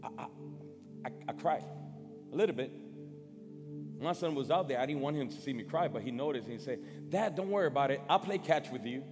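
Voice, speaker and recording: A middle-aged man preaching a sermon built on a personal story. He talks in an emotional, halting way, repeating words as he swings between loud and soft. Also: mid-range voice, expressive. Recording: long hall reverb, faint music.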